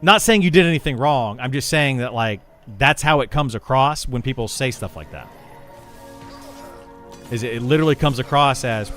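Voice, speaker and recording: A man talks casually to his stream chat, circling back and repeating words as he works through a point. His pitch sits in an ordinary middle range for a man. Faint music plays quietly behind him. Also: lively intonation, normal speed. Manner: rambling, repeats words and restarts while explaining.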